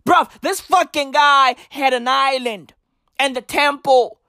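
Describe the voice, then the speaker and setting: A woman doing a satirical comedy rant, loud and profane, often bursting into mock-outraged shouts and heavy street slang. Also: sits high, slow, no room sound, clean studio sound.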